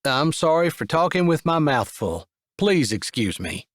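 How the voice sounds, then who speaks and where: Guy narrating doing a jokey younger brother, higher voice, smirky, dry close sound. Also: very animated, measured pace, no room sound. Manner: joking, smirking. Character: teasing, dramatic younger brother, adult man. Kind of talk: audiobook character voice.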